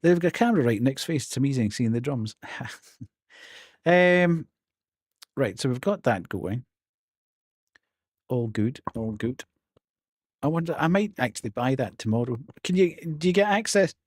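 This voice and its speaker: A man's voice: mid-range voice, animated, moderate pace, pauses often, dry recording, studio quality. A man streaming a horror game live, chatting casually with his viewers and laughing often. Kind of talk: live gameplay commentary.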